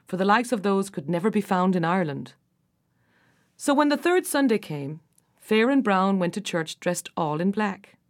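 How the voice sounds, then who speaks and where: A woman's voice: medium pitch, a little mellow. Woman narrating a fairy tale. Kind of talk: storybook narration.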